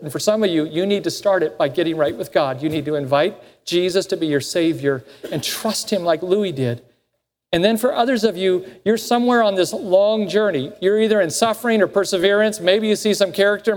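A man's voice: high voice, a little mellow, long reverb tail. A man preaching a sermon in a church sanctuary, telling a story earnestly and acting out the quoted voices. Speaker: pastor.

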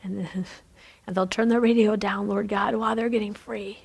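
A woman's voice: mid-range voice, gravelly, breathy edge. A woman leading a fervent prophetic prayer, repeating phrases and often dropping into a whisper. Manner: fervent, repetitive, slipping into whispers. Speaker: prayer leader.

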